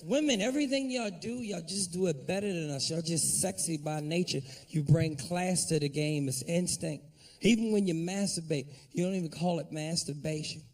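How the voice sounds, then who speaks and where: Man, stand-up comedian, profane, brash, high voice, distant stage mic. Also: moderate pace, a little mellow.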